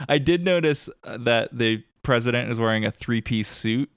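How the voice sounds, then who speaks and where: A man's voice: medium pitch, normal speed, fairly bright tone, smooth, dry recording, clean studio sound. A man co-hosting a casual podcast, recapping scenes in a laid-back way and laughing often. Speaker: podcast co-host recapping an episode. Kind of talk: casual chat.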